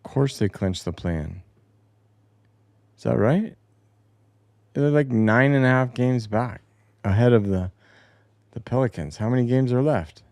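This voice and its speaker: A man's voice: mid-range voice, measured pace, long pauses, a little mellow, no room sound, clean studio sound. A man hosting a casual sports talk show from a home basement, rambling and opinionated, with some swearing. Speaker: host. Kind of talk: casual solo sports commentary.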